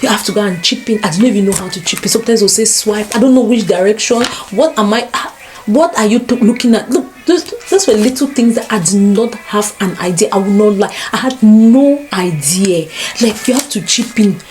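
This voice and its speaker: A young woman with a Cameroonian accent, telling stories to camera in a casual sit-down vlog, lively and full of exclamations. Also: medium pitch, brisk. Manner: animated, exclamations and playful asides. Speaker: vlogger. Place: sit-down room at home. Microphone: camera mic.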